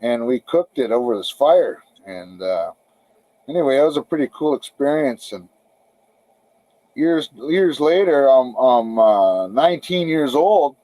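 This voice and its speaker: A man's voice: mid-range voice, animated, a little slow, dark tone, dry recording, poor audio. A middle-aged man telling long, rambling stories as a podcast guest, swearing freely and often restarting his sentences. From Canada. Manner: rambling, profane, frequent restarts. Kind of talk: casual storytelling interview.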